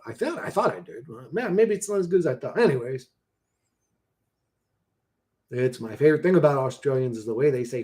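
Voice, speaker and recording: A man in his forties chatting casually on a livestream, slangy and profane, laughing often and swinging between mumbling and loud bursts. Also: medium pitch. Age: 40s.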